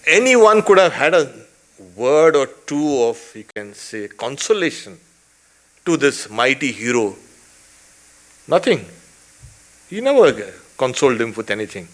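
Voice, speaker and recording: A man, a swami, teaches a scripture class in an unhurried, deliberate way. His voice moves with lively swings of pitch. He presses his points with rhetorical questions and breaks off now and then for a short aside. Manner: emphatic, rhetorical questions, frequent "you can say" asides. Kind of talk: scripture lecture.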